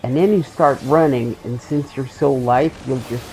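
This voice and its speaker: A man's voice: medium pitch, normal speed, warm tone, low-quality recording. A man streaming a game and telling rambling, joking anecdotes in a loose, profane, casual way. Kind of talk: casual storytelling while gaming.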